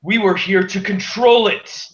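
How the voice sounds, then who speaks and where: Booming, menacing vampire lord, higher and louder than the man's own voice, dull echoey room. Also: fairly even intonation, a little slow. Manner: commanding, loud.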